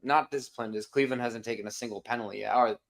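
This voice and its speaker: A man co-hosting a fan sports livestream with teasing, laughing banter and quick reactions. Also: mid-range voice, steady tone, creaky, a crowd in the background. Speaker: co-commentator.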